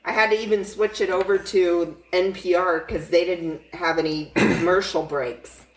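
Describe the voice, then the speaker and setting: A woman's voice: lowish voice, fairly even intonation, normal speed, distant mic. Woman podcast co-host, blunt and heated, profanity-laden political chat, roomy room away from the mic.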